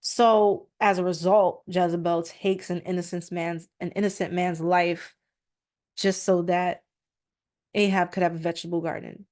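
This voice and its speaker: A woman's voice: lowish voice, fairly even intonation, a little slow, darkish tone. Female podcast host, conversational commentary with scripture readings, mic on a stand. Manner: chatty, frequent fillers, reads verses aloud. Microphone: microphone on a stand.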